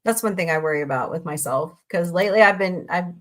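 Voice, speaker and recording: Speaking fast in a fairly low, fairly bright voice, this livestream host rambles chattily while replying to viewer messages. She is a middle-aged woman from Southwest Missouri.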